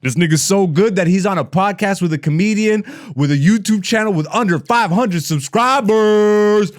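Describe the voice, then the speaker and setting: A man in his thirties hosting a comedy podcast, ranting with heavy profanity and mockery, dropping to low mutters and rising to loud animated bursts. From Ethiopian heritage.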